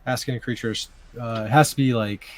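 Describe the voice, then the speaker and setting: A man at a tabletop game, working out his turn out loud at an ordinary pitch. He talks in halting bits, full of fillers, as he reads through the rules. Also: steady tone. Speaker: player.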